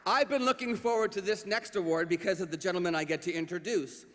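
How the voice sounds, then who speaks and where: A man's voice: sits high, quick pace, a bit bright. A man hosting a live awards ceremony in a large event hall, playful and teasing as he introduces presenters on a podium microphone. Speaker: awards emcee. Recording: long reverb of a large hall.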